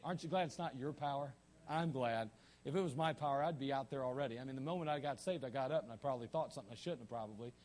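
A man's voice: medium pitch, racing, a little mellow. A man preaching a sermon in a folksy, joking way, often restarting his sentences, with an Ohio accent. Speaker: pastor.

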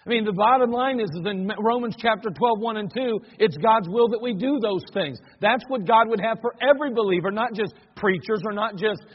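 A man's voice: sits high, fairly quick, hardly any pauses, husky. A male pastor preaching a Sunday sermon in a church, talking conversationally and building to emphatic points. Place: church sanctuary. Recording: dull lo-fi church recording with long reverb.

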